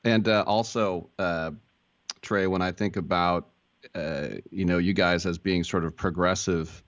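A man's voice: low-pitched, steady tone, unhurried, no echo. A man hosting a sports talk radio show, asking loose, rambling questions full of fillers. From Berkeley, California. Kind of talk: casual radio interview. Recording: dull, lo-fi broadcast sound.

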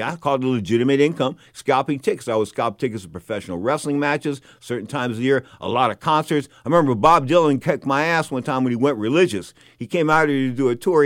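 A man's voice: mid-range voice, a bit bright, no echo. Older guy rambling on, repeats himself a lot, dry close sound. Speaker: former boxer and commentator. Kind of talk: casual monologue.

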